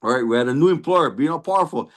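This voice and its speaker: A man's voice: mid-range voice, lively intonation, quick pace. A man with a Hawaiian Pidgin-inflected accent giving an earnest personal recovery testimony, tagging nearly every phrase with "right?" and restarting often. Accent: Hawaiian Pidgin-inflected English. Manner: frequent restarts and stammered repeats. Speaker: recovery meeting speaker.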